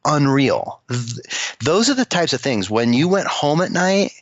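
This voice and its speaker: Animated storytelling man, dull dry sound. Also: mid-range voice, measured pace, no echo. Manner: animated storyteller who acts out quoted dialogue. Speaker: CEO and guest. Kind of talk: storytelling interview talk.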